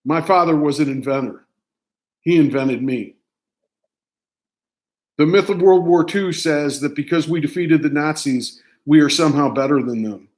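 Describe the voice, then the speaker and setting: Older man reading a personal essay. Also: a little high. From United States. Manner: measured, declamatory reading in short phrases. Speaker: writer reading his own essay.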